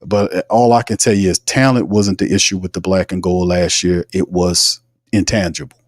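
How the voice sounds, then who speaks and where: Male sports host, low-pitched, ranting, dry sound. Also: flat delivery, normal speed, no echo. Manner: heated, ranting, repetitive. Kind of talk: casual livestream commentary.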